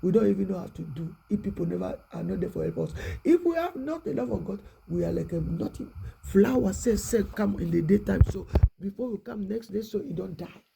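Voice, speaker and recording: A preacher giving a prayerful, repetitive exhortation, often dropping to a hushed voice. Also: medium pitch, expressive, fairly quick, vocal fry, a little hiss or hum, low-quality recording.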